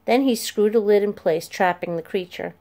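A woman narrating a children's chapter book aloud in a clear, steady storytelling voice. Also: medium pitch, moderate pace.

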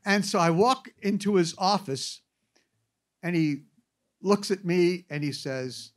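A man's voice: high-pitched, takes it slowly. A man giving an anecdotal classroom lecture, telling stories with wry asides. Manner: animated storyteller with wry asides.

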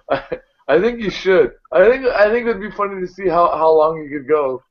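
A man's voice: sits high, expressive, moderate pace, slight background noise. A man hosting a live video hangout, laughing hard and swearing freely. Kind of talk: casual chat. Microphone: video call. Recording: slightly dull video call audio.

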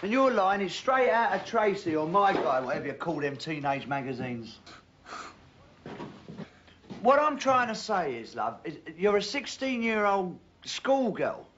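A cocky Geordie builder. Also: male voice, high voice, sing-song, measured pace, fairly bright tone, full character voice. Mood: firm. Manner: joking, matey, calls people love and son. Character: cocky young male builder abroad, jokey but decent. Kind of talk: 1980s TV comedy-drama. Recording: dull lo-fi TV audio, faint hiss.

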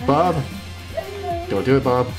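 A man hosting a gaming video, giving excitable gameplay commentary and yelping high when things go wrong. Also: takes it slowly, music in the background. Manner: excitable, yelps high-pitched when upset.

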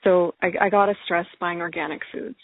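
An enthusiastic woman chatting as a guest. She laughs often and circles back over her words, and her slightly husky voice comes through a tinny, dry phone line. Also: lowish voice, fairly even intonation, a little fast, dry recording. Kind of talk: casual conversation.

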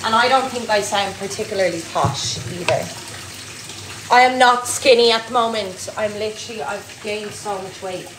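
A woman's voice: mid-range voice, normal speed. A young Irish woman with a Louth and Dublin accent, chatting casually to her followers in a rambling way, with lots of "like". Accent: Irish, a mix of Louth and Dublin. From Ireland. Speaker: TikTok creator. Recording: echoey room with clear background noise.

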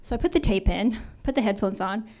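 A woman in her fifties giving a storytelling talk to an audience, animated and acting out dialogue as she goes. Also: medium pitch, a little fast, a little hiss or hum. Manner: animated, acts out quoted dialogue. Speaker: invited speaker.

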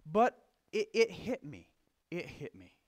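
A man preaching a conversational sermon, telling a folksy story with frequent restarts and swinging between loud emphasis and quiet confession. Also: high voice, expressive, takes it slowly. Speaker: lay preacher.

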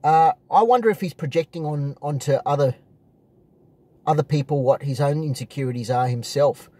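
A man's voice: fairly high pitch, normal speed, warm tone, dry recording. A man talking casually to his viewers from inside his parked car, rambling and repeating himself with many fillers. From Australia. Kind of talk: casual vlog monologue.

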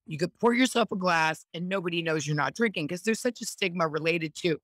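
A middle-aged woman speaking as a podcast guest in a casual, earnest and encouraging way, slowly leading affirmations. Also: lowish voice, animated, fairly bright tone, no echo. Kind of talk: casual motivational chat.

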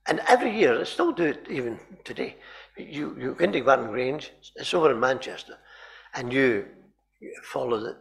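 Animated gravelly male preacher. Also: medium pitch. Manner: animated storytelling with frequent repeated words and throat-clearing. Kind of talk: sermon. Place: chapel.

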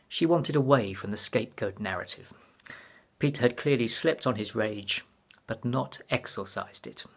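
Husky man reading a mystery. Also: mid-range voice, moderate pace. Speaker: author. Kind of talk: reading his novel aloud.

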